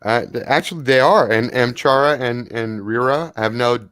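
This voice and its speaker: A man's voice: moderate pace, no echo. Dry-voiced man running a tabletop game. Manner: animated, puts on high voices for creatures. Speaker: game master.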